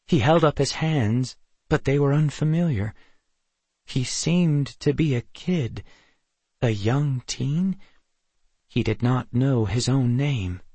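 A man narrating an audiobook in a measured, even storytelling manner. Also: medium pitch, husky, no echo. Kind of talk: scripted narration.

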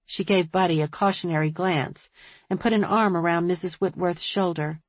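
A woman narrating a novel in an even, measured reading voice. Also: on the low side, no room sound. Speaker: audiobook narrator. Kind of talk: scripted narration.

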